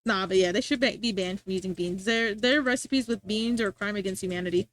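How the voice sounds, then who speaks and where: A woman's voice: mid-range voice, fast talker, hardly any pauses, a bit bright, no room sound. A young adult woman streaming, rambling in casual chat and answering her chat, often restarting her sentences.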